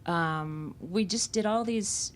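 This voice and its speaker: A woman's voice: lowish voice, takes it slowly, slight background noise. A woman from Central Florida, an author at a bookstore event, telling candid, reflective stories about her memoir. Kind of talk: conversational book talk.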